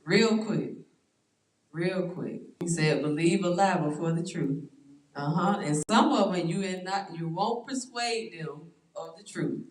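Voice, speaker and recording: A woman leading a church Bible study, reading verses slowly and stressing words, with frequent "all right" checks to the class. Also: lowish voice. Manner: slow, drawn-out scripture reading with stressed words. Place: church room. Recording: roomy echo, distant mic.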